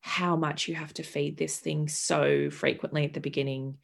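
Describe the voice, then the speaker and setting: Casting: woman, 30s, podcast guest, gravelly edge, dramatic candid storyteller. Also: low voice, fairly even intonation, moderate pace. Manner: vivid, dramatic retelling with profanity and acted quotes.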